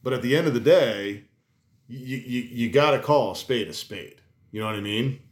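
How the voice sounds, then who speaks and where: A man's voice: mid-range voice, lively intonation, normal speed. Emphatic rambling man in a roomy space. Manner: rambling and emphatic, swearing, many restarts. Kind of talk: casual chat. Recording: roomy echo.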